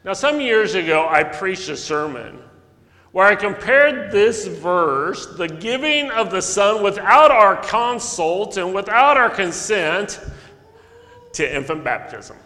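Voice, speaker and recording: A male pastor preaching a sermon, telling stories earnestly, with sudden loud emphasis and soft drops. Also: high voice, big pitch swings, slow pace. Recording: long echo of a large hall.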